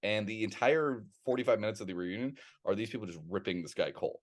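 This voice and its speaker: A man co-hosting a podcast, chatting casually and telling a story in a rambling, animated way with plenty of swearing. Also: on the low side, fast, few pauses. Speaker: podcast co-host.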